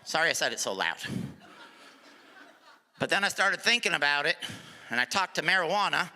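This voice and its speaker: A middle-aged male stand-up comedian performing a live set, sarcastic, sometimes dropping to a low mutter for asides. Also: lively intonation, moderate pace, sharp tone. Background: audience laughter.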